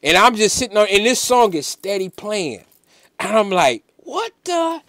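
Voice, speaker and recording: Man with a high voice, animated storyteller, emphatic and repetitive, dry close sound. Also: moderate pace, no room sound. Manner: animated, repetitive, full of "like" fillers; emphatic, preacher-like insistence. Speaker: musician guest. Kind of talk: casual interview storytelling.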